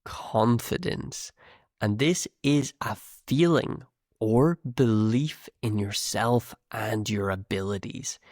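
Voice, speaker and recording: A man's voice: on the low side, takes it slowly, a little mellow, dry recording, studio quality. A man with a northern UK accent who hosts an English podcast and teaches in a patient, encouraging way, repeating words for learners. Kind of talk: slow, clear teaching talk.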